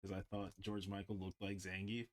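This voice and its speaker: A man's voice: low-pitched, little pitch movement, moderate pace. A man livestreaming while he draws, chatting casually and rambling with lots of "like". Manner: rambling, heavy use of "like". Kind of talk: casual chat while drawing.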